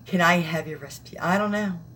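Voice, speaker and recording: A woman's voice: on the low side, brisk, fairly bright tone, a little hiss or hum. Chatty, rambling young woman vlogger. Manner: rambling, chatty, laughs often. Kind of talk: casual live-stream chat.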